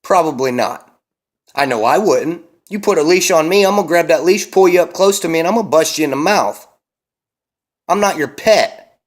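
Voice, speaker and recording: A young man and parent delivering a heated, emphatic monologue, cursing often and slowing down to hammer his points. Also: on the high side. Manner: intense, emphatic, heavy cursing, slows to hammer key words. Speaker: vlogger and parent.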